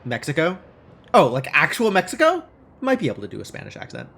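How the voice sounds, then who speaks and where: A man streaming a game live, thinking aloud and joking at himself in an animated way. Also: fairly high pitch, fast talker, creaky, a little hiss or hum.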